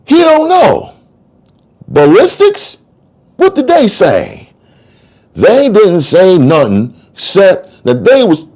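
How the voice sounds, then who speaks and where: A man's voice: a little high, huge pitch swings, unhurried, pauses often, full character voice. A man voicing a street-smart male trial lawyer who argues in slangy, sing-song courtroom oratory. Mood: arguing. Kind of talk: dramatic audiobook reading.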